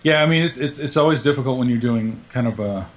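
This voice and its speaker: A man's voice: mid-range voice, quick pace. Man, casual podcast co-host, rambling, filler-heavy, mid-range voice. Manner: rambling, many fillers and restarts. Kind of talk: casual chat.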